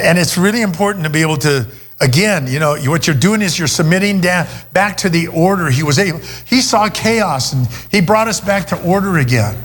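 A middle-aged pastor preaches a sermon, recounting a personal story in a relaxed, conversational way with many restarts. His voice is fairly high and fairly bright, and a slight hiss or hum sits under the recording.

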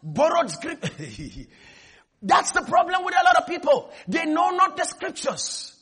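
A male preacher giving an animated sermon, calling for congregation responses and shouting at peaks. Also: very high voice.

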